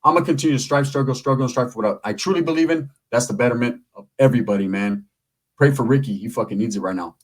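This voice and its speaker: A man's voice: medium pitch, racing. A middle-aged man rambling through a profane, streetwise story while vlogging. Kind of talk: casual storytelling to camera.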